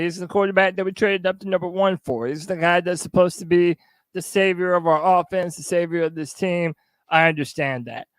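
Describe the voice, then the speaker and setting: A man's voice: high-pitched, clean tone, no echo. A man co-hosting a sports podcast, blunt and emphatic as he gives his frank opinions. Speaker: podcast co-host. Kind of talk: casual sports podcast talk.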